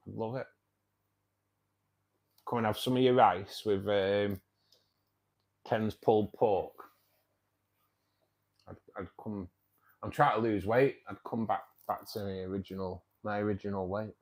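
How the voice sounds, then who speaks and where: A man, hosting a casual live-stream chat about his hobby, rambling with lots of fillers and restarts. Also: on the low side. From England. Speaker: fishkeeping club host.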